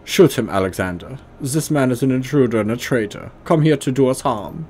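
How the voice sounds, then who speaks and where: A man's voice: mid-range voice, animated, fairly quick, a little mellow, slight background noise, pitched above the performer's own voice, lightly acted. A man voicing a sneering, arrogant male extremist leader with a put-on German accent and a foppish, mocking manner. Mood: commanding.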